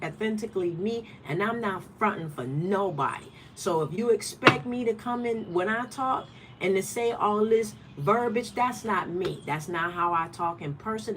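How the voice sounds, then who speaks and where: A woman's voice: medium pitch, fairly bright tone, a little hiss or hum. A woman from Michigan hosting a card-of-the-day livestream, talking bluntly and repeating her points for emphasis. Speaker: spiritual card reader, channel host. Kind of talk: casual livestream talk.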